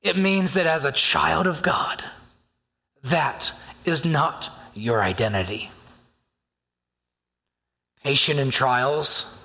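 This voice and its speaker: A man preaching a sermon as a pastor, talking in a conversational, animated way and acting out inner voices. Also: on the high side. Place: church sanctuary. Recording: long hall reverb.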